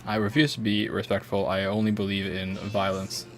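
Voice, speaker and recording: A man's voice: lowish voice, little pitch movement, moderate pace. A man streaming a game, chatting playfully and rambling, slipping into a put-on British accent. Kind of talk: casual gameplay commentary.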